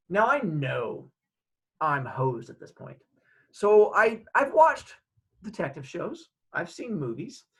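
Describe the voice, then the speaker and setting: A man tells a personal story in a casual, animated way, with his voice swinging up and down as he acts out each line of dialogue. He sits a bit higher than most men's voices. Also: poor audio. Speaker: host.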